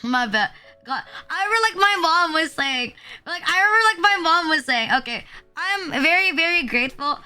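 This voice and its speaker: A young woman streaming live, chatting casually in a high, bright voice. She rambles, leans on filler words and swears offhand, with soft music playing underneath. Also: lively intonation, normal speed.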